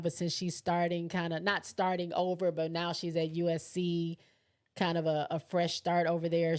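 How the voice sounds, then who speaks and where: A woman's voice: on the low side, darkish tone. A woman hosting a casual livestream, chatting loosely and thinking aloud as she reads viewer comments. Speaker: livestream host. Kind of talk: casual chat reading live comments.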